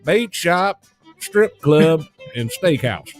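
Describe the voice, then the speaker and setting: A brash, profane redneck salesman barks out his deals, as a man puts on the voice in a loud, raised, hard-selling tone. He cusses freely and keeps pushing. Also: fairly high pitch, expressive, takes it slowly, soft background music. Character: brash redneck male boat and car salesman.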